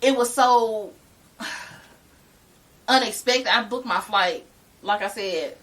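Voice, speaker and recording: Animated woman, bright voice. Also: mid-range voice, slow, distant mic. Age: middle-aged. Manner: animated, exasperated, laughing asides. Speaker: podcast co-host. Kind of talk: casual storytelling chat.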